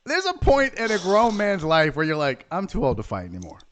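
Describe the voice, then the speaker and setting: A man in his forties hosting a casual, profane chat with an old friend, laughing often and telling stories with loud bursts. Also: sits high, huge pitch swings, fairly quick. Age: 40s. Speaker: podcast host. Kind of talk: casual banter.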